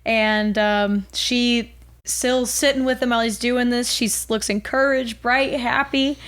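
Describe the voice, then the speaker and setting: A woman's voice: on the high side, steady tone, a little slow, fairly bright tone. A young woman co-hosting a podcast, eagerly retelling a book's plot in casual chat and laughing often. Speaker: podcast co-host. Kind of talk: casual book discussion chat.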